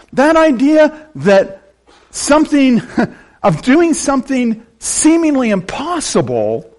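An older male pastor from western Pennsylvania delivers a sermon. His voice sits slightly high and leaps around expressively as he drives points home. He breaks into quick, joking asides between his points. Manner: animated preaching with joking asides.

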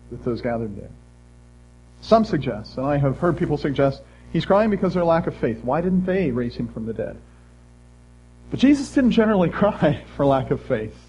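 Middle-aged man preaching; fairly high, husky voice, earnest with hushed drops. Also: highs cut off. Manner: earnest, shifts between loud emphasis and hushed tones. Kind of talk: sermon.

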